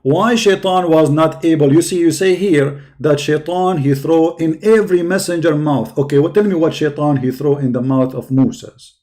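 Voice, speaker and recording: A man's voice: fairly high pitch, moderate pace, few pauses, warm tone. A man giving a polemic religious talk, sarcastic and mocking, with heavy repetition for emphasis. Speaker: religious debater.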